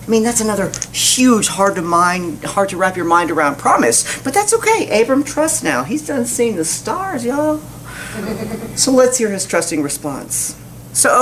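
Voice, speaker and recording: A woman's voice: on the high side, sing-song, normal speed, slight background noise, rough recording. A woman preaching a sermon in church, folksy and storytelling, full of rhetorical questions.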